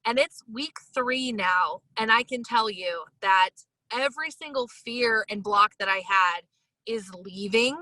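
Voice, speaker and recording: A woman hosting a casual interview chat, talking in an emotional, enthusiastic and expressive way. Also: mid-range voice, unhurried, dry recording, rough recording. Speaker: podcast host.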